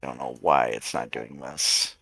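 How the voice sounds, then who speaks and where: A man's voice: a bass voice, steady tone, measured pace, gravelly, fairly bright tone, slightly rough, no echo. A man running a tabletop role-playing game as game master, laughing often and joking about himself. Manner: laughs often, self-deprecating.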